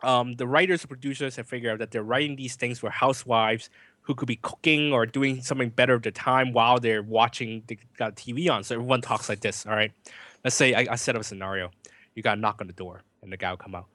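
A man of middling pitch holds forth in relaxed podcast chat, opinionated and quick to rant. The recording is dry and close, with no room sound. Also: no room sound. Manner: opinionated ranting, animated. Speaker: podcast co-host and film reviewer.

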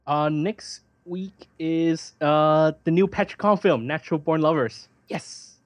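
A man co-hosting a film podcast, speaking in a halting, self-deprecating way. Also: fairly high pitch, no echo. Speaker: podcast co-host. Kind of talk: casual podcast chat.

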